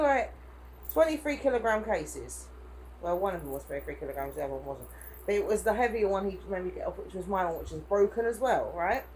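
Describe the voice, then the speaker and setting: A woman's voice: mid-range voice, a little mellow, a little hiss or hum, rough recording. A woman chatting casually in a vlog, rambling through a story full of "I went, he went". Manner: rambling retelling with lots of "I went, he went". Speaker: vlogger.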